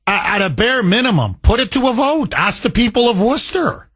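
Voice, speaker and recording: A man's voice: very high voice, big pitch swings, a little fast, fairly bright tone, breathy edge, dry recording. A male radio talk show host, arguing his point with passion and acting out imagined conversations on a call-in show. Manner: impassioned, argumentative, acts out imagined dialogues.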